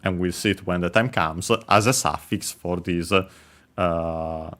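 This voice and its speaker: A man giving a casual language lesson, explaining slowly with many hesitant pauses and fillers. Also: low-pitched, fairly bright tone. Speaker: language teacher.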